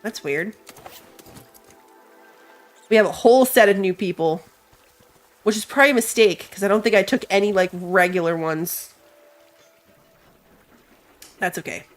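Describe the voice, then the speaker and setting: A woman's voice: mid-range voice, very animated, a little slow, pauses often. A woman with a stuffy nose from allergies gives casual let's-play commentary. She thinks aloud as she plays, reads game text, and laughs at herself. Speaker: gamer. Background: game music.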